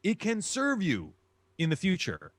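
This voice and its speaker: A man with a mid-range voice whose pitch moves a lot as he explains his craft. He talks emphatically and repeats key phrases to drive a point home. The recording is dry, with no trace of a room. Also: wildly swooping pitch, unhurried, dry recording. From Chicago. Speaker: voice-acting guest. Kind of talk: instructive interview answers.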